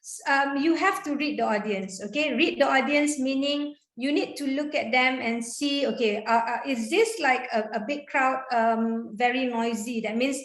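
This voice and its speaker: A woman, a guest speaker giving lively tips on public speaking in an online panel talk. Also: high voice, moderate pace, hardly any pauses, roomy sound. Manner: energetic, chatty, demonstrates intonation with examples.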